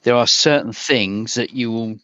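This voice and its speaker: A man's voice: mid-range voice, unhurried, bright, forceful tone, clean tone, no room sound. A man narrating as game master, working through rules with many ums and self-corrections. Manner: hesitant, full of ums and rule checks. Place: home, online call. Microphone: voice call headset. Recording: dry, slightly dull online call audio.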